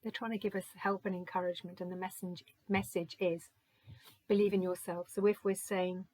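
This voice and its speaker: A woman giving a gentle, musing oracle card reading, slowly reading out card texts and reflecting on them. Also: fairly low pitch, little pitch movement, no room sound, poor audio.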